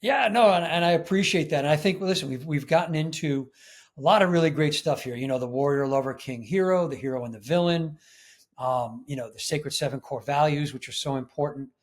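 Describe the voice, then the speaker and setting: A man's voice: fairly high pitch, fairly quick. A man speaking as a guest in an interview, in an earnest, emphatic way. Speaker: podcast guest. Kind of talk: casual interview chat.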